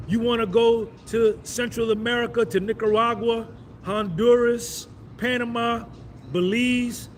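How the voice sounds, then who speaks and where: High-voiced man chatting on a live stream. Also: fairly even intonation, unhurried, slight background noise. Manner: loose, boastful, repeats himself, shouts out viewers. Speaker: vlogger doing a live stream. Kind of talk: casual live-stream chat.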